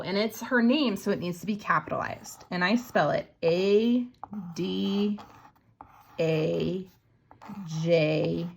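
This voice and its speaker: A woman teacher modeling sentence writing for young students, slowly sounding out letters and syllables. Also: medium pitch, creaky, sharp tone, slight background noise.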